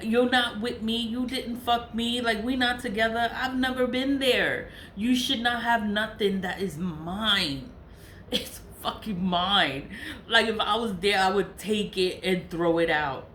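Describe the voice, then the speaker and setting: A woman's voice: medium pitch, a little slow, fairly bright tone, a little hiss or hum. A woman vlogger venting in a profane, repetitive monologue to camera. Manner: venting, profane, repeats herself. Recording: echoey room with faint ambience.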